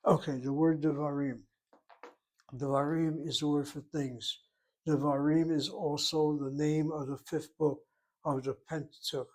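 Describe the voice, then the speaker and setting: A man teaching a language class, explaining slowly and methodically and repeating words to break them into syllables. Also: a little high, darkish tone. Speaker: Hebrew teacher. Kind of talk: classroom lecture.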